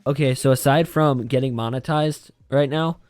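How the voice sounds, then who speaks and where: A young man guesting on a podcast, chatting in a loose, relaxed way. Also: mid-range voice, normal speed, no room sound, faint music behind. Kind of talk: casual chat.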